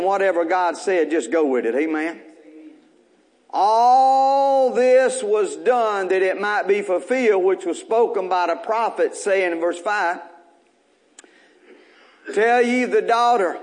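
High-pitched preaching pastor, man. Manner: reads scripture aloud and preaches on it, calling out to the congregation; builds to shouting at high points. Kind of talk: sermon. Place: church service.

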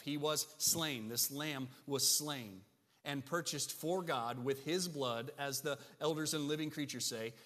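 A man's voice: mid-range voice, a bit bright. A male pastor preaching a sermon to his congregation, emphatic and often checking in with "right?". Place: church sanctuary. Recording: long church reverb.

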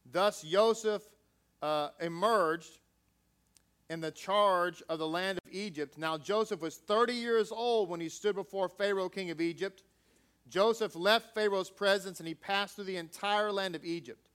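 A man's voice: sits high, unhurried, fairly bright tone, clean tone. A man reading scripture aloud and then preaching in a conversational way, joking with the congregation. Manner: conversational, jokey asides with audience.

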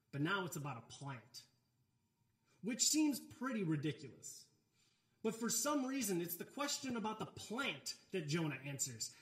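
A man's voice: high voice, fairly bright tone. Conversational male preacher in echoey hall. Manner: conversational, relatable asides with filler words. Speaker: pastor. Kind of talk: sermon.

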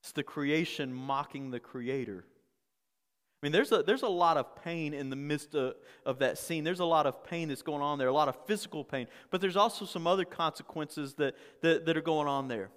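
A man's voice: fairly high pitch, moderate pace, a bit bright, long reverb tail. A male pastor preaching a conversational sermon, often repeating words and asking the congregation questions.

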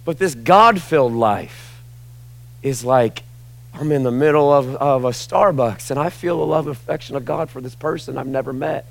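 A man's voice: mid-range voice, steady tone, moderate pace, creaky, darkish tone. Man preaching a conversational sermon. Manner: conversational preaching with casual fillers. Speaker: pastor. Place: church sanctuary with a congregation.

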